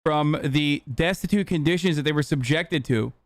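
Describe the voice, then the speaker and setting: Male streamer, fired-up profane rant, fairly high voice, dry close sound. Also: moderate pace, no room sound. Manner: heated, profane, ranting. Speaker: streamer reacting to a clip. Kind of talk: casual profane reaction commentary.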